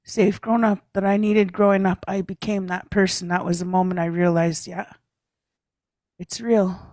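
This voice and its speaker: A woman's voice: mid-range voice, steady tone, normal speed, a little mellow, no echo. A woman telling personal stories at a leaders' meeting, chatty and self-mocking, tagging her lines with a questioning "eh?" and laughing often. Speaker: speaker at a leaders' caucus. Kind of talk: personal storytelling talk.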